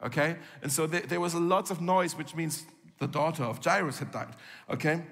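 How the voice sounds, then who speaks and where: Man, pastor giving a sermon, fairly high voice, long hall reverb, casual storytelling tone. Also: moderate pace, creaky, a bit bright. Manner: conversational storytelling, acts out quoted lines.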